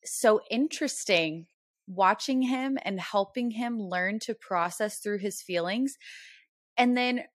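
A woman's voice: mid-range voice, takes it slowly, no echo, clean studio sound. A woman hosting a parenting podcast, a mother of a toddler, affirming her guest and laughing lightly as she talks. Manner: warm affirmations, laughs lightly between phrases. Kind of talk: conversational interview.

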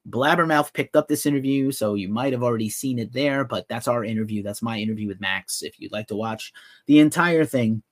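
A man's voice: medium pitch, fairly quick, dry recording. A man hosting a live rock and metal news podcast, chatting loosely and reacting to viewer comments as he goes. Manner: loose, rambling, reads chat comments aloud. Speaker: podcast host. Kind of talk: casual live news show chat.

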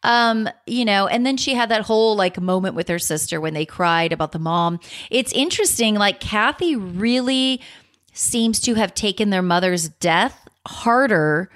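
A woman's voice: medium pitch, expressive, normal speed, a bit bright. A woman co-hosting a podcast, chatting casually and gossiping, laughing often and acting out quotes. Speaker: podcast co-host. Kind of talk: casual chat.

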